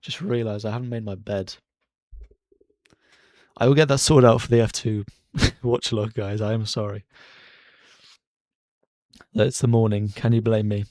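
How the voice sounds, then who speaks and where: Man, live watchalong commentary, excitable and chatty, dry close-miked bedroom. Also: on the low side, measured pace, long pauses, no echo. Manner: chatty and excitable, cheering drivers on. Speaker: streamer hosting a racing watchalong. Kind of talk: live casual race commentary. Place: bedroom at home.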